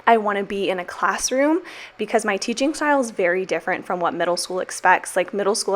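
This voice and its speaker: A young woman, a teacher, narrating a casual voiceover from her kitchen with frequent fillers, warm and emotional. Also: mid-range voice. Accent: American. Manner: chatty, emotional, many fillers and "like". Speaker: teacher and planner vlogger. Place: home kitchen.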